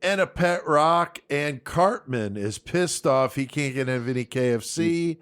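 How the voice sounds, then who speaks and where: A man's voice: a little high, expressive, a little slow, a bit bright, smooth. A man hosting a podcast, casually steering the conversation between segments. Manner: easygoing, moves the show along. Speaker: podcast host leading the segment. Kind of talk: casual chat.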